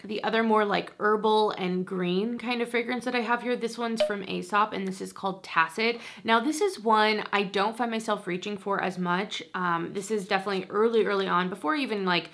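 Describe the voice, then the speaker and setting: A woman's voice: mid-range voice, creaky, a bit bright. A young woman reviewing fragrances in a chatty, gushing way, full of fillers and little laughs. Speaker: beauty and fragrance creator. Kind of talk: casual chat review.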